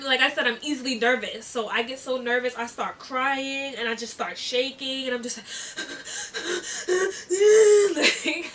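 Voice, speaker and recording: Bright, chatty young woman vlogger. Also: on the high side, recorded from a distance, slight background noise. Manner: chatty, giggly, lots of fillers. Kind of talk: casual storytime.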